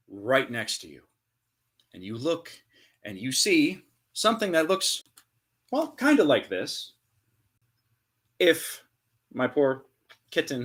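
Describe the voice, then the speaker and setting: A man narrating a tabletop game as game master, with dramatic storytelling and hushed pauses. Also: medium pitch.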